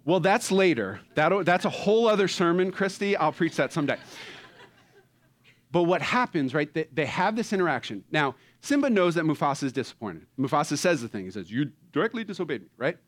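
A man preaching a sermon who acts out movie characters and swings between loud, excited bursts and hushed, tender tones. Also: fairly high pitch, fairly quick. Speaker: pastor.

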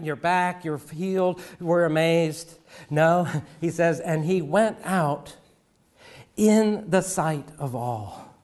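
A middle-aged man preaching a sermon, with dramatic pauses and sudden drops to a hush. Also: fairly high pitch.

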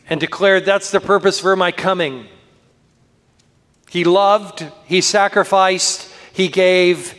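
A man pastor preaching a sermon, earnest and slowing down to lift his voice for scripture, recorded in a church. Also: sits high, fairly bright tone. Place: church sanctuary. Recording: long reverb of a church hall.

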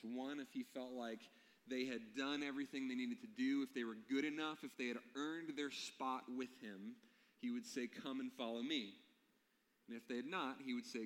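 A man's voice: mid-range voice, a bit bright. Man preaching in a reverberant hall. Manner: storytelling, asks the congregation questions. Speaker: pastor. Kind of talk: sermon.

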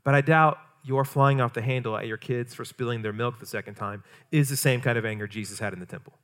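A man's voice: medium pitch, quick pace, a bit bright. A man, a pastor, preaching a sermon in a conversational way, full of rhetorical questions.

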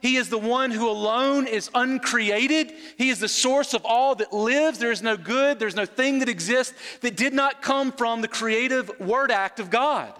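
High-voiced earnest male preacher. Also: unhurried, few pauses, pushed and bright, in a large hall. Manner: earnest, repeats words when emphasizing, asks listeners questions. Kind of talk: expository sermon.

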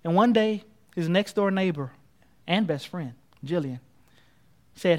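A male preacher with a very high voice delivers a sermon as a dramatic story. He drops to a hush for the tense moments and rises to loud, urgent telling. His delivery is steady and earnest. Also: a little slow, pauses often. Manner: dramatic, swinging from hushed to loud.

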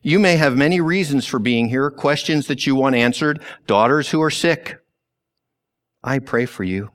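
A man preaching a sermon slowly and deliberately, with long pauses and sudden drops to a hush. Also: medium pitch. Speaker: pastor.

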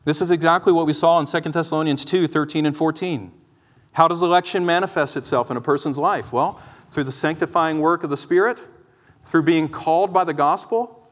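A man preaching a sermon from the pulpit, earnest and pleading, moving between urgent exhortation and quieter teaching. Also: fairly high pitch. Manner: impassioned, pleading, swings from loud exhortation to quiet explanation. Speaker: pastor. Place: church. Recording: long reverb of a church hall.

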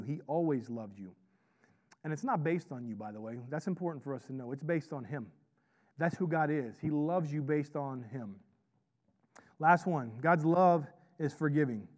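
A man preaching a sermon with a slightly high voice. He talks conversationally, often asks "right?" and draws the congregation in, as a pastor and chaplain. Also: darkish tone.

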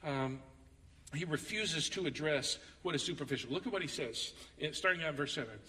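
A man preaching a sermon as pastor, reading scripture dramatically and telling stories with animated, acted-out quotes. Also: fairly high pitch, moderate pace, big-room sound, distant mic.

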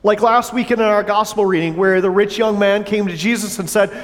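A pastor preaching a sermon in a church, earnest but breaking into playful asides to the congregation on a wireless mic. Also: male voice, high voice, steady tone, fairly quick. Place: church sanctuary. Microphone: wireless headset or lapel mic with battery pack. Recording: long church hall reverb.

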